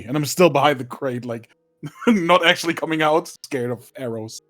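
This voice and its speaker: A man's voice: on the high side, fairly bright tone, soft background music. Hesitant man playing a tabletop game. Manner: hesitant, halting speech. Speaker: player. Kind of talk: in-character tabletop play.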